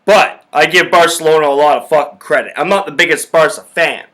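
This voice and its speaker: A man's voice: a little high, brisk, a bit bright. A young man hosting a sports podcast, ranting about football in a profane, fired-up way. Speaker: podcast host. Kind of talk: casual sports talk.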